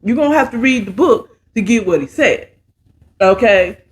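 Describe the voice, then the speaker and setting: A woman's voice: fairly high pitch, animated, normal speed. A woman hosting a casual bedtime story recap, chatting in a laid-back, slangy way while mixing and sipping a cocktail. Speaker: host and storyteller.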